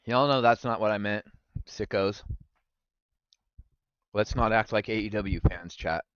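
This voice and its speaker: A man's voice: fairly low pitch, measured pace, clean tone, no room sound, highs cut off. A young man streaming live, chatting casually with his viewers and swearing freely. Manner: animated, swearing, talks to chat. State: recovering from gallstones.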